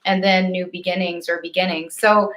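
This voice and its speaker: A woman co-hosting a spiritual live stream in a casual, animated chat, acting out her own stories and laughing easily at herself, heard over a video call. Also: on the low side, normal speed. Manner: animated storyteller, acts out her own frustration.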